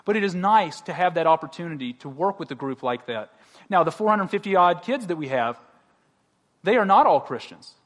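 A man's voice: on the high side, expressive, brisk, fairly bright tone. A man pastor preaching a sermon in a conversational way, joking and asking the congregation direct questions.

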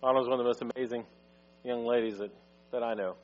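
A pastor speaking thankfully and leading a prayer in church. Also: male voice, medium pitch, fairly even intonation, fast, a little mellow. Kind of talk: sermon with prayer. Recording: dull sound with mains hum.

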